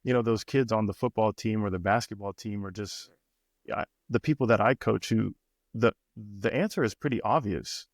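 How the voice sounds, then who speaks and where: A man's voice: lowish voice, normal speed, no echo. Storytelling man on a podcast, dry close mic. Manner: storytelling, many restarts, acts out quoted voices. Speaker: personal coach, podcast co-host. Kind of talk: casual podcast chat.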